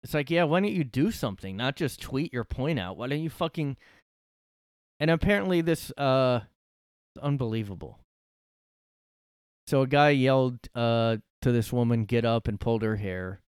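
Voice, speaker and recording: A man's voice: mid-range voice, expressive, normal speed, clear, resonant tone, dry recording, studio quality. A man hosting a solo podcast from his room, ranting sarcastically and swearing a lot. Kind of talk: casual ranting monologue.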